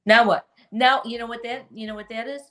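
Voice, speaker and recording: A woman's voice: a little high, fairly even intonation, fast, a bit bright. A woman, the host's mother, talking casually in a blunt, emphatic way and swearing freely. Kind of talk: casual chat.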